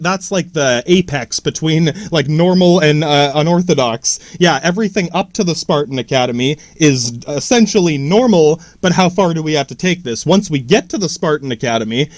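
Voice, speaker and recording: A man's voice: sits high, no room sound, clean studio sound. A man podcasting in a casual, rambling monologue, swearing freely, trailing off and restarting his sentences. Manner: profane, stammering restarts, slangy.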